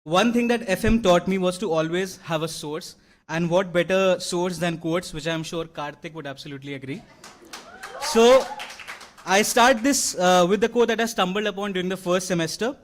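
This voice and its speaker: A man's voice: high-pitched, moderate pace. A young man, giving an earnest graduation speech with many fillers and restarts. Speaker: award-winning graduate. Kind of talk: convocation speech. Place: large convocation hall.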